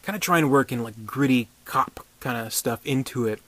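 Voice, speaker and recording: A man's voice: medium pitch, normal speed, a bit bright, no room sound. Rambling man reviewing a film, dry sound. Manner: rambling, many restarts, chuckling asides; profane, sarcastic. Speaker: movie reviewer. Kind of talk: casual spoken movie review.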